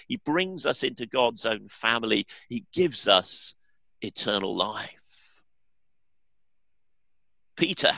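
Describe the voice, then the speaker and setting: A man's voice: medium pitch, creaky, pushed and bright, no room sound. A male pastor preaching a sermon in an earnest, emphatic way.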